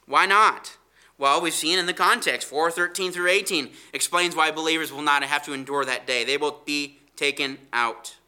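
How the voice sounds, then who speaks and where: Male preacher, bright ringing voice on the high side, leans hard on scripture with slow emphatic stresses. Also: steady tone, clear, resonant tone. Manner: asks rhetorical questions. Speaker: Bible teacher. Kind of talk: expository sermon.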